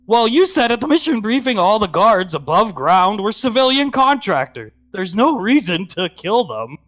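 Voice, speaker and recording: A man's voice: high voice, very animated, normal speed, a bit bright, pitched above the performer's own voice. Man doing a cheeky teenage witch girl. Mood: sassy. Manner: sassy, mocking retorts.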